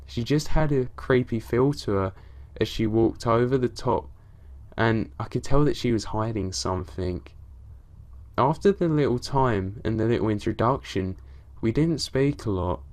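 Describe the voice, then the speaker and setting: Male narrator, lowish pitch, calm first-person horror storytelling, casual swearing. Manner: low-key, steady storytelling with casual swearing.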